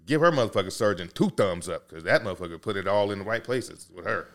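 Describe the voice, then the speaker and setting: A man's voice: low voice, lively intonation, fast. A man co-hosting a casual podcast, telling loose, profane stories. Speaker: podcast co-host. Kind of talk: casual chat.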